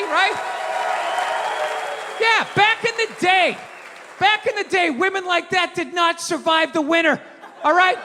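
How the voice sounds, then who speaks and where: A stand-up comedian, a man, delivering a profane rant with shouted bursts. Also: extremely high pitch. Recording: echoey hall, live crowd, background noise.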